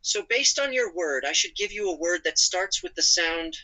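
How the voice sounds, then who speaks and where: Brief: synthetic male voice as a sweet, apologetic chatbot boyfriend, light and very bright. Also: high voice, lively intonation, moderate pace, exaggerated voice, low-quality recording. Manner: polite and doting, using pet names. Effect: text-to-speech voice.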